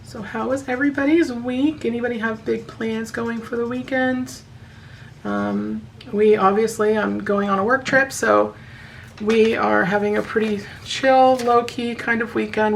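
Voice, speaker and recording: Woman, hoarse voice, casual friendly chat, counts cash aloud, mid pitch, faint hiss behind. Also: low-quality recording. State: hoarse, sounds sick. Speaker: budgeting vlogger.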